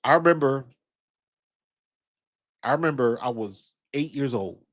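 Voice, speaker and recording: A man's voice: mid-range voice, expressive, a little slow, a bit bright. Fifties guy ranting about basketball, slangy and cussing, rambles a lot, ohio raised. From Ohio, USA. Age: 50s. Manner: blunt, profane, slangy and rambling. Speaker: basketball commentator. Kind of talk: casual commentary with personal storytelling.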